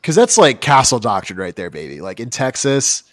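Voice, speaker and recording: This American man, a podcast co-host, tells a true crime story in loose, joking chat full of rambling and mocking asides. His medium-pitched voice swings widely in pitch at a normal speed, with a fairly bright tone, recorded dry at studio quality.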